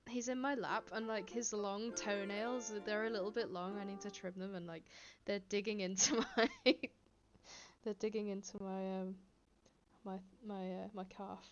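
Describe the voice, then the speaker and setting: A woman's voice: medium pitch, fairly even intonation, moderate pace. Woman, casual streamer chat, giggly, desk mic, slightly dull audio. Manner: chatty, giggly, reads chat aloud. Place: home, indoors. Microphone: desk microphone.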